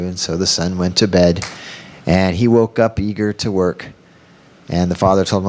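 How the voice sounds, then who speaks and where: A man presenting at a workshop who tells a story and acts out its lines in an animated way. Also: low-pitched, normal speed. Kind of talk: storytelling in a training talk.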